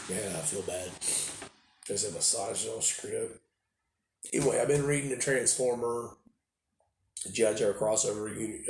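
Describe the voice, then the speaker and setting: A man with a cold and a stuffed-up voice, rambling casually into his phone camera at home, repeating himself and trailing off. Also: fairly low pitch. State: congested with a cold. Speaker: toy collecting vlogger. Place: at home indoors. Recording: echoey room with faint noise.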